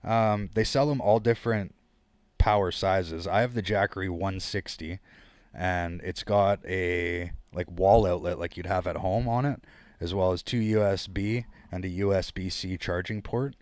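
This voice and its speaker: A man's voice: low voice, fairly even intonation, unhurried, a little mellow, dry recording. A Canadian man with a Canadian accent, chatting casually on his livestream and rambling to his viewers. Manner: rambling, chatty, talks to chat. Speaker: livestream host.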